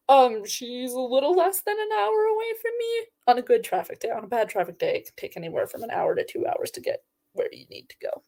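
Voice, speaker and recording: A young woman with a voice pitched a little high talks casually to her livestream viewers. She is chatty and relaxed, and she drops curse words freely as she reacts to their messages. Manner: chatty and profane, reacting to chat. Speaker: livestream host.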